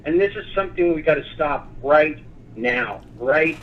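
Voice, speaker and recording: A man appearing as a guest on a talk show, speaking in a passionate, animated way. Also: fairly high pitch, normal speed, highs cut off. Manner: passionate, animated, lively storytelling.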